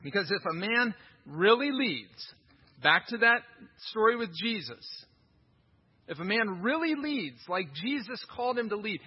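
A man's voice: sits high, slightly rough, dull audio. A male pastor preaching a sermon in an emphatic style, with rhetorical questions and repetition.

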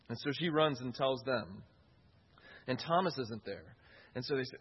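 Earnest husky male preacher, lo-fi. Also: medium pitch, a little fast. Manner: earnest, repeats key phrases for emphasis. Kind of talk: sermon.

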